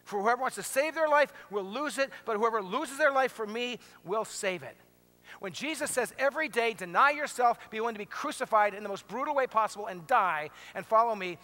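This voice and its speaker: A male pastor preaching a sermon to a congregation in a church, impassioned at times and dropping to hushed tones for stories. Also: very high voice, lively intonation, a little fast. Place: church sanctuary.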